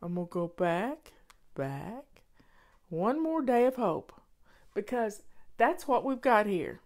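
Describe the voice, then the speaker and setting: Female show host, unhurried and affectionate, encouraging advice in a casual Q&A. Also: medium pitch, very animated, darkish tone. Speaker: host answering viewer questions.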